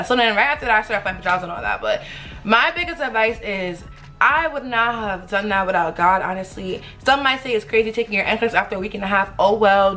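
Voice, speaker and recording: A young woman chats through a lively storytime vlog, her voice bright and forceful and pitched a little high. She speaks directly to her viewers. Faint music plays behind her. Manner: animated, talks straight to viewers. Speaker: vlogger.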